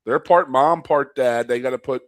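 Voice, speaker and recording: Animated storytelling man, dry close mic. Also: normal speed, dry recording. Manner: animated storyteller, acts out quotes in a high loud voice. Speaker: co-host and former college athlete. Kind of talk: casual storytelling chat.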